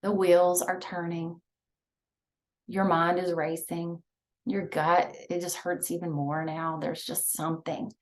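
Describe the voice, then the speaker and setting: A woman leading a guided breathing and visualization exercise, talking softly and soothingly with many pauses. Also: lowish voice, little pitch movement. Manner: slow, soft, soothing guidance with many pauses. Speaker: mindfulness instructor.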